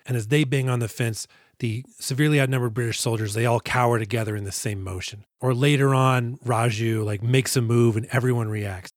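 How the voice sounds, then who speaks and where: A man's voice: medium pitch, steady tone, a little fast, dry recording. Man for a casual movie podcast, jokey and crude, recorded dry. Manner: joking, swears, acts out scenes. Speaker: podcast co-host.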